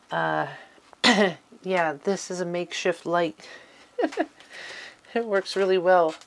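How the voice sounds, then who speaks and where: Middle-aged lady showing off her tiny art room, chatty, slow and low. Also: creaky. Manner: chatty, with fillers and little laughs. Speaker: vlogger giving a studio tour. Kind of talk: casual tour talk. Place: small home craft room.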